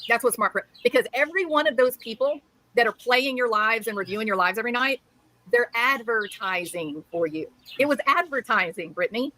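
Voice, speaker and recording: A woman's voice: fairly high pitch, fairly quick, bright, forceful tone, no echo, poor audio. A woman live streaming, ranting angrily and sarcastically at someone she criticizes. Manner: scolding, sarcastic. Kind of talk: angry ranting commentary.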